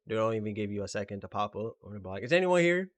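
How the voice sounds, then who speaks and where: A young man on a casual podcast, excitable and jokey, telling stories with acted quotes. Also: on the low side, no room sound. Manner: fast, excitable, jokey, puts on meek apologetic voice in stories. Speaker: podcast co-host. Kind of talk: casual chat.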